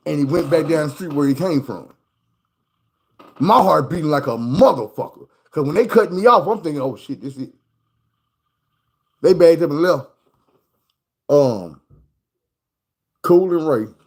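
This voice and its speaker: A man's voice: fairly high pitch, a little slow, long pauses, low-quality recording. A man casually telling a story in loose, profane street talk, acting out the people in it. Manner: animated, acts out the people in his story. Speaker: streamer.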